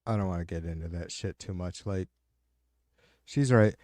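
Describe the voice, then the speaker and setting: A middle-aged man hosts a livestream and swears freely as he rambles through answers to his chat. His voice sits fairly low, with a warm, mellow tone. The sound is dry and close. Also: normal speed, no echo. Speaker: livestream host. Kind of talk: casual chat with viewers.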